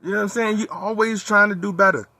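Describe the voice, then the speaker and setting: A young man talking candidly in a personal monologue, profane and animated as he tells his story. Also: high voice, fast talker, no echo. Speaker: vlogger.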